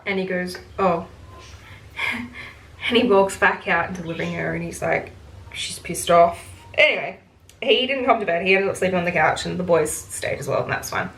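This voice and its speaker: A woman's voice: fairly low pitch, quick pace, a bit bright, a little hiss or hum. A young woman vlogger telling a story while doing her makeup, chatty and blunt, swearing freely and mimicking others in quotes. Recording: echoey room, faint ambience.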